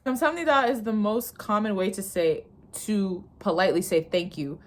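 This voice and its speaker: A woman's voice: mid-range voice, expressive, moderate pace. A young woman in her twenties from the United States, chatting casually and reading a lesson aloud while learning a language, swearing freely and laughing often. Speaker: vlogger learning Korean. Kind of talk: casual study vlog.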